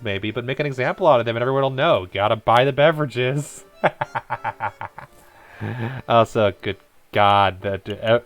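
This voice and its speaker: A man's voice: medium pitch, lively intonation, normal speed, fairly bright tone, clear, resonant tone, soft background music. A man streaming a game, rambling casually and eagerly about history. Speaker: let's-play streamer. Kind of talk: casual gameplay commentary.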